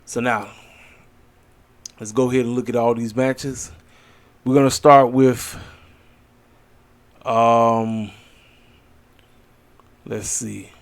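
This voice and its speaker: A man's voice: mid-range voice, steady tone, takes it slowly, pauses often. A man hosting his own wrestling channel, giving blunt, opinionated predictions in a rambling casual chat, tired and yawning late at night. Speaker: wrestling commentary channel host. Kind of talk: casual solo predictions video.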